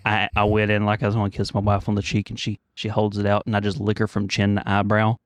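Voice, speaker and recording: A man's voice: fairly low pitch, completely flat delivery, fast, dry recording. A man co-hosting a podcast, fighting a cold, telling rambling family stories and laughing at his own jokes. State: congested with a cold. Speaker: podcast co-host. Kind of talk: casual chat.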